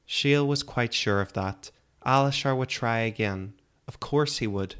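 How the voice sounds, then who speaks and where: A man narrating a fantasy story in a calm, measured audiobook style. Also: mid-range voice, smooth.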